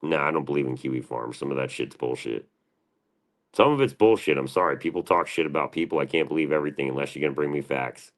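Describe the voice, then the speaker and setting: A man's voice: extremely low pitch, fast talker. A man hosting a livestream, answering his chat in a profane, combative and defensive rant. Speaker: livestream host.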